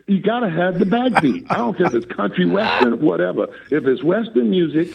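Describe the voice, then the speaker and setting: Older guy in his 60s, gravelly husky voice, super animated, acts out both sides of a convo, dull lo-fi sound. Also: sits high, brisk. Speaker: guest musician. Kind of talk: casual interview chat.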